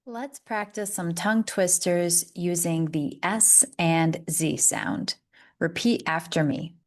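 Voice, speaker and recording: Slow, deliberate woman teaching pronunciation. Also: fairly low pitch. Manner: slow, deliberate, drawn-out words for repetition; encouraging teacher tone. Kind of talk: slow, clear pronunciation lesson.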